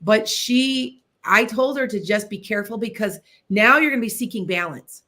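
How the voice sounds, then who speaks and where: A woman from the Midwestern US hosting a psychic radio show, telling stories in a chatty, animated way and speaking straight to her listeners. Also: medium pitch, moderate pace. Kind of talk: casual storytelling on internet radio.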